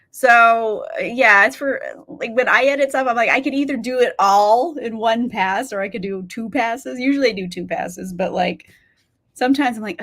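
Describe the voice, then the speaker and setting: A woman's voice: fairly high pitch, animated, normal speed, a bit bright. Chatty, laughing woman streaming a reading session. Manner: chatty, swears casually, laughs often. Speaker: booktuber hosting a reading livestream. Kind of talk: casual livestream chat, reading chat replies.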